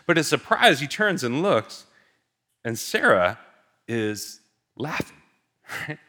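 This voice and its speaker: A man's voice: medium pitch, very animated, slow pace, sharp tone. A male pastor telling a story in a sermon, casual and conversational, with lots of filler words.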